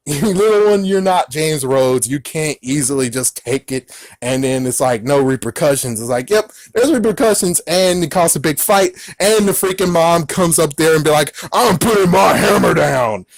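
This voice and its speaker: A man giving a casual movie recap as a reviewer, excitable and rambling, breaking into exclamations as he talks. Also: fairly high pitch, normal speed, no room sound.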